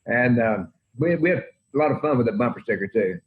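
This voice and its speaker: A man's voice: medium pitch, animated, brisk. A man in his eighties telling folksy, rambling anecdotes as a country music guest in an interview. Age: 80s. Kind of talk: interview storytelling. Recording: roomy, dull lo-fi sound.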